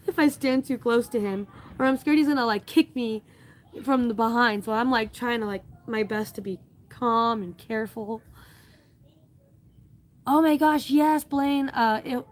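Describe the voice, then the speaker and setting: A woman's voice: fairly high pitch, slight background noise. A woman chatting casually on a live stream, reading viewer comments aloud and rambling with many fillers and restarts.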